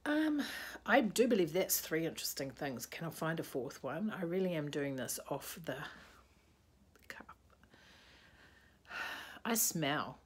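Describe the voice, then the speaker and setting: A woman chats in a casual video-reply vlog from her bedroom. Her voice is low and husky. She rambles sleepily, yawning between thoughts. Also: expressive, a little slow, long pauses. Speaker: vlogger. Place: indoors, bedroom with a bedspread.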